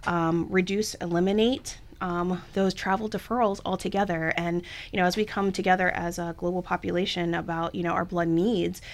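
A woman's voice: fairly low pitch, flat delivery, moderate pace, hardly any pauses. A woman talking about her blood services work in a chatty, enthusiastic way, with lots of fillers. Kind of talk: casual interview talk.

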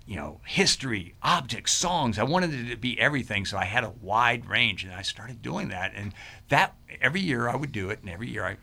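A middle-aged man, a podcast guest, telling animated stories and acting out quoted voices. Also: on the low side, vocal fry. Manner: lively, acts out quoted voices. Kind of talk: animated storytelling.

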